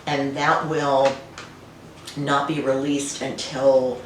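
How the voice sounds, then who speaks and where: A woman winemaker being interviewed, telling stories and remembering in a warm, conversational way. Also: extremely low pitch, level tone, takes it slowly. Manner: warm storytelling, reminiscent. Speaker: winemaker guest. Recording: roomy, distant, faint noise.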